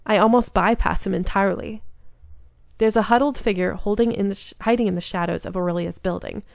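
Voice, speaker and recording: A woman's voice: medium pitch, fairly quick, gravelly, dry recording. A woman reading a story game aloud, earnest and emotionally invested in what she reads. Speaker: game streamer.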